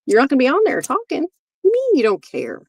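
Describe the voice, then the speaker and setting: A woman hosting a casual livestream, talking in a rambling, gossipy way with a lively, swooping pitch. Her voice sounds close and dry, with no room echo. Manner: rambling, gossipy, quick mimicry. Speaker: livestream host.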